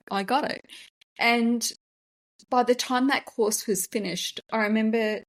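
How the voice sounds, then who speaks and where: A woman hosting a podcast, telling a personal story in a candid, emotional, conversational way. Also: mid-range voice. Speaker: podcast host and business founder.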